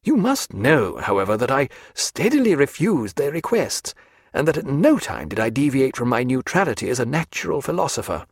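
An unflappable naval doctor , voiced by a male narrator, answers with dry, precise formality. His pitch moves a good deal, and the sound is close and dry. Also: sing-song, moderate pace, slightly rough, no echo. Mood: composed. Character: composed, evasive naval doctor, man.

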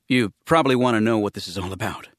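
A man voicing a tense, secretive man who speaks quietly and pleads in a guarded way, read as a scripted audiobook. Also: lowish voice, fast talker, no echo, clean studio sound, natural voice. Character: tense secretive man driven by a private grief.

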